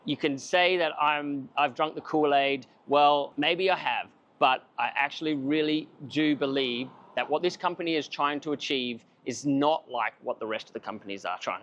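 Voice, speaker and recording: A man's voice: on the high side, fairly bright tone, muffled recording, a little hiss or hum. A man giving a casual, enthusiastic coffee machine review to camera, chatty and self-mocking.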